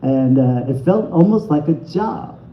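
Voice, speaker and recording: A man doing a rambling, self-deprecating stand-up set at an open mic, halting and restarting as he goes. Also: on the high side, lively intonation, a little hiss or hum. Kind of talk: stand-up set with crowd work. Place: small bar comedy venue. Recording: echoey, dull-sounding room recording.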